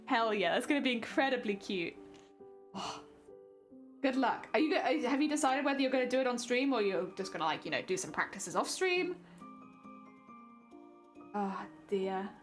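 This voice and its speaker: A woman's voice: on the high side, big pitch swings, moderate pace, long pauses, soft background music. A young woman streaming, chatting playfully with her viewers while she crafts, often giggling.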